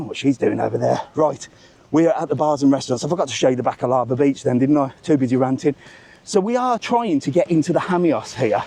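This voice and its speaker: A man hosting a live travel vlog, telling a story as an animated, swearing rant while walking outdoors. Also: mid-range voice. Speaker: travel vlogger, live stream host. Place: outdoors among bars and restaurants.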